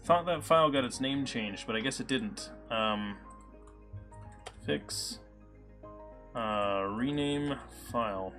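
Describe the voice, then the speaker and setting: A man hosts a relaxed live coding stream, talking through his work and stopping for chat. His voice sits at a middle pitch, with lots of fillers as he thinks aloud. Faint music plays underneath. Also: slow, pauses often. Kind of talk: casual live-coding commentary. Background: soft background music.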